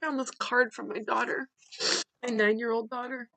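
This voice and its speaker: A woman hosting a podcast, telling a personal story in a candid, conversational way with halting restarts. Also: on the high side, fairly even intonation, vocal fry, sharp tone, dry recording. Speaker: podcast host.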